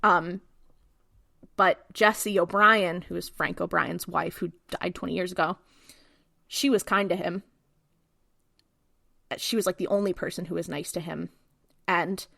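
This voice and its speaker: A woman co-hosting a podcast, recapping a TV episode in a casual, animated way and acting out the characters' lines. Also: on the low side, a little slow, gravelly, pauses often, dry recording, clean studio sound. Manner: animated retelling, acts out quotes. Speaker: podcast co-host.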